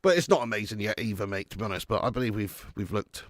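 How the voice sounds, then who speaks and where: A man's voice: fairly low pitch, lively intonation, fast, no room sound. A man hosting a live football watch-along, joking and laughing as he thanks viewers for super chats.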